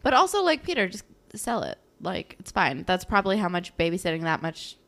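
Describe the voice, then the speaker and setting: A woman's voice: lowish voice, sing-song, a little fast, fairly bright tone. A young woman co-hosting a casual recap chat, blunt and exasperated, swearing freely. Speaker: podcast co-host.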